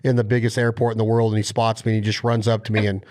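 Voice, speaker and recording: A man's voice: fairly low pitch, rapid-fire. A man hosting a podcast, chatting casually and telling stories with lots of enthusiasm. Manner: enthusiastic, animated storyteller. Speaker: podcast host. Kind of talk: casual interview chat.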